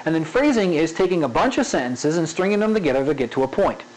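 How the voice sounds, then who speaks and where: A man's voice: a little high, sing-song, fast talker, darkish tone, low-quality recording. A man teaching animation in a casual spoken tutorial, checking in often with "okay?" and repeating an example sentence with varied emphasis. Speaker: animation instructor.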